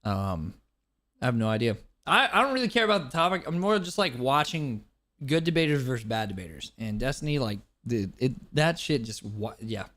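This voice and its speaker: A young man talking casually on a live stream, his pitch rising and falling a lot. He laughs loudly, swears casually and keeps thanking his viewers. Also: sing-song, fairly quick. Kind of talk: casual live-stream chat reacting to a clip.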